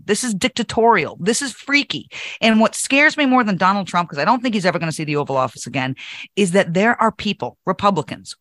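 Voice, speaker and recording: A woman's voice: mid-range voice, fairly bright tone, no room sound. A woman co-hosting a political talk show, speaking emphatically and indignantly, often laughing. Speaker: co-host.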